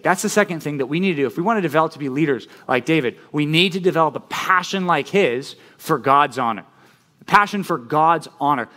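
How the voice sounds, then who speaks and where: A man preaching a sermon as pastor, animated and conversational, often checking in with "right?". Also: fairly high pitch.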